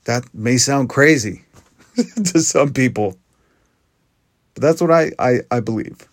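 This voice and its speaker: A podcast host delivers a casual monologue in a medium-pitched male voice, speaking slowly with no echo. He sounds earnest and conversational and often restarts his sentences.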